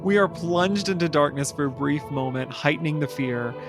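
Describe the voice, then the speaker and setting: Guy hosting a podcast, telling the pitch like a spooky story, music playing behind. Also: moderate pace. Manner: dramatic storytelling narration. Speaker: podcast host pitching a concept. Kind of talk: casual chat, narrating a show pitch.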